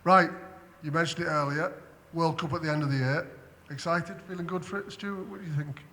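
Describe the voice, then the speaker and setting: A man with a slightly high voice hosts a festival stage chat, talking fast and firing questions at his guests. The long reverb of a large hall trails his words. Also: fairly even intonation, bright, forceful tone. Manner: brisk, prompting with questions. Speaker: host. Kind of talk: live stage conversation.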